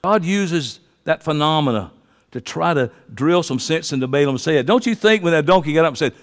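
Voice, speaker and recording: A male preacher delivers a sermon in a folksy, joking manner, breaking into loud, excited bursts. His voice sits on the higher side, and a long reverb trails behind him in a church hall. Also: a little fast.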